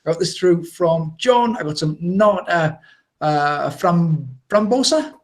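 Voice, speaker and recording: A British man co-hosting a live show, chatting casually and excitedly, rambling with fillers and laughs. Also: on the high side, takes it slowly. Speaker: co-host.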